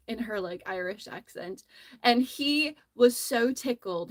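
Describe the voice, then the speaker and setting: A woman's voice: a little high, lively intonation, measured pace, no room sound. A woman hosting a casual crochet livestream from her phone, telling a rambling, friendly story as she works. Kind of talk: casual chat while crocheting.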